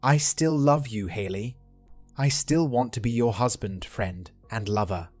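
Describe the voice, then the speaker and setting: A man's voice: medium pitch, a little slow, darkish tone, no room sound, soft background music, lightly acted. A man reading the lines of an earnest, joking middle-aged husband in a dry, plain voice.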